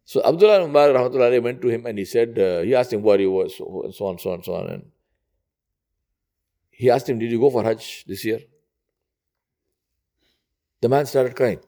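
A man preaching in a conversational storytelling way, retelling an old tale with lively quoted dialogue. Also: fairly quick, pauses often. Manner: conversational, rising high when quoting characters. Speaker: Islamic preacher. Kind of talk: storytelling sermon.

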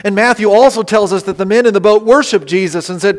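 A man preaching a sermon as pastor, moving between loud emphasis and soft, near-whispered lines. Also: sits high, quick pace. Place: church sanctuary. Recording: long reverb of a church hall.

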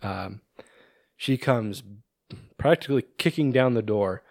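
A man's voice: mid-range voice, expressive, a little slow, creaky, darkish tone, no echo, clean studio sound. A man co-hosting a podcast, casually retelling a movie's plot with lots of ums and restarts. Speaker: podcast co-host.

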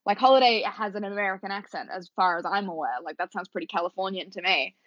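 A woman co-hosting a podcast in casual book chat, talking fast and animated, with lots of fillers and some swearing. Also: mid-range voice, no room sound, muffled recording. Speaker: podcast co-host.

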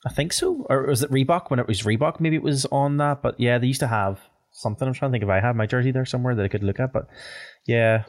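A man's voice: medium pitch, fast. A young man with a Northern Irish accent hosting a podcast in casual chat, rambling with many fillers and restarts. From Northern Ireland. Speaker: podcast host.

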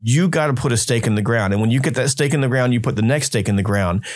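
A man's voice: medium pitch, fast talker. A man hosting a sales podcast, talking through strategy in an emphatic, summarizing coaching style. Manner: emphatic, summarizing, quotes imagined speakers. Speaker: podcast host. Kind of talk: coaching-style interview talk.

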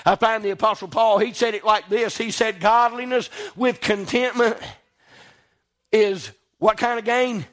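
A man preaching a sermon, impassioned and swinging between loud exclamations and quiet asides. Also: high-pitched, fairly even intonation, unhurried.

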